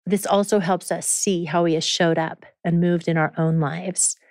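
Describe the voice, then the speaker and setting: A woman host in a recording studio reads scripture at a measured pace and introduces the show. Her voice is smooth and resonant, and the studio sound is dry and close. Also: fairly low pitch, fairly even intonation, a little mellow, no echo. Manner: measured, clear reading voice. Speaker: podcast host. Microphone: studio microphone.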